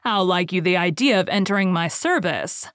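Cold haughty sheriff, read by a woman, slow measured lines, low voice, dry sound. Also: lively intonation, fairly bright tone, no echo. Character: cold, haughty middle-aged male sheriff.

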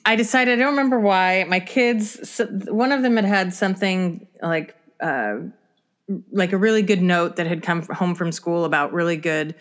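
A middle-aged woman with a lowish voice co-hosts a podcast, telling a story at a moderate pace in casual conversation. She's an animated storyteller who acts out the quoted dialogue.

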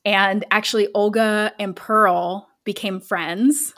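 A woman recounts a tale on a podcast in an easy, conversational way. She tosses in asides and quick corrections. Her voice sits at an ordinary middle pitch. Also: steady tone, a bit bright. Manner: chatty, retells a story with asides and self-corrections. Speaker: podcast co-host. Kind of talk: casual storytelling chat.

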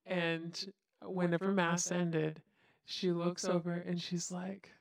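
A woman's voice: on the low side, level tone, slow pace, creaky, no room sound. A woman co-hosting a casual podcast chat, talking in a chatty way and laughing along. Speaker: podcast co-host.

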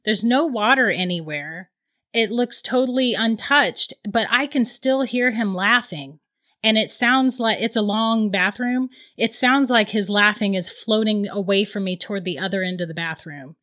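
A woman in her thirties telling a ghost story in casual chat, animated and laughing often. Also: medium pitch, moderate pace.

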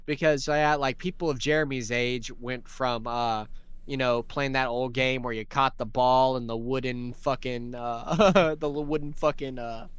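A man's voice: mid-range voice, steady tone, a little slow, clear, resonant tone, no echo. A man co-hosting a paranormal podcast in rambling, profane, joking chat. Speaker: podcast co-host. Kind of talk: casual chat.

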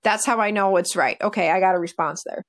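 A woman dog trainer in casual podcast conversation, telling lively stories and acting out her dogs' reactions. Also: medium pitch, fast talker.

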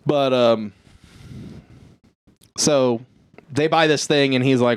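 A man's voice: medium pitch, steady tone, slow pace, pauses often, clean tone, no echo. A man co-hosting a casual podcast, retelling a movie plot and acting out the characters in bursts of swearing and laughter. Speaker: podcast co-host. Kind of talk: casual movie recap chat.

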